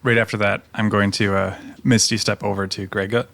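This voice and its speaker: A man's voice: on the low side, little pitch movement, brisk, fairly bright tone, no echo. A man playing a tabletop game, talking casually and a bit hesitantly. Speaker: player. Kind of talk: tabletop role-play.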